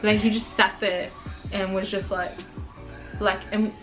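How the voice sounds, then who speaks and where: A woman's voice: medium pitch, level tone, unhurried, rough recording. Chatty young woman telling a story over music. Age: young adult. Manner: chatty and rambling, full of "like". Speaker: vlogger. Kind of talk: casual sit-down storytelling.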